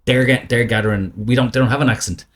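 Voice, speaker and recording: A middle-aged Irish man, a podcast guest, talking in a rambling, animated way, often checking in with "right?" and "you know". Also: medium pitch, fast. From Ireland. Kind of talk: casual podcast chat.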